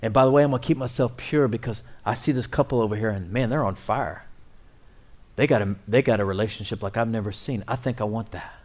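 A middle-aged man preaching a sermon, swinging between loud, excited appeals and quiet, near-whispered asides. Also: fairly low pitch, quick pace. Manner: animated preaching, rising and dropping to near whispers. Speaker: pastor.

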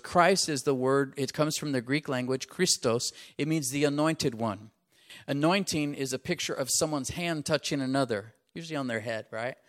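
Male pastor, sermon, call-and-response asides, mid-pitched voice, rises on key phrases. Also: a bit bright.

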